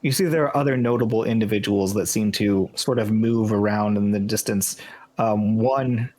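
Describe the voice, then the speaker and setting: A man's voice: fairly low pitch, normal speed, darkish tone. A man narrating a tabletop fantasy game as game master, describing scenes with frequent hesitations.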